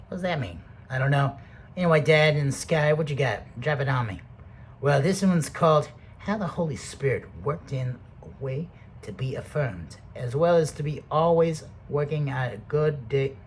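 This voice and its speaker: A man rambling through a profane, casual monologue to the camera, jumping between loud outbursts and soft mutters. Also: on the high side, expressive, moderate pace, a little hiss or hum.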